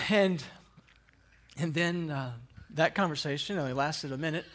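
This man, in his thirties, has a fairly high, bright, forceful voice and keeps a measured pace. Telling a personal faith story, he stays conversational and rambling, with frequent fillers and restarts, and self-deprecatingly chuckles at himself.

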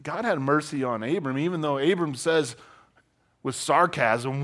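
A man's voice: a little high, measured pace. A man preaching a sermon in a casual, conversational way, telling stories and acting out the voices of the people in them. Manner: animated storytelling, acts out voices. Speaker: pastor.

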